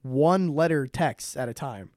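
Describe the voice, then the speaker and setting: A young man in casual podcast chat, telling a rambling, animated story and swearing often. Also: mid-range voice, unhurried, no echo, clean studio sound. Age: young adult. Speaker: podcast co-host.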